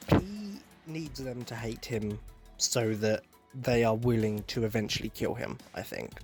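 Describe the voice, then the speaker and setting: A man's voice: medium pitch, darkish tone. Rambling young man podcasting. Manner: rambling, self-interrupting, joking asides. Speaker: podcast host. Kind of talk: casual solo podcast talk.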